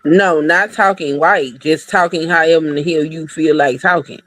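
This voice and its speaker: A woman talking in a casual podcast chat, blunt and profane, telling animated stories. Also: low voice, moderate pace, poor audio.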